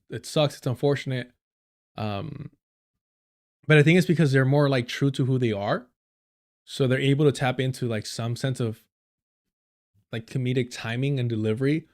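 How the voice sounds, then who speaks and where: A man's voice: mid-range voice, darkish tone. A man doing casual live-stream commentary over clips, rambling and swearing, with many fillers.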